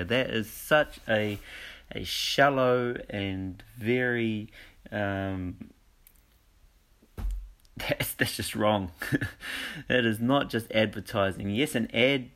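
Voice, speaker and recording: A man with a slightly low-pitched voice, talking in a relaxed, unscripted monologue. He tells stories with animated energy and laughs often. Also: slow pace, pauses often. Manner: animated storytelling with frequent laughs. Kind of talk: casual monologue.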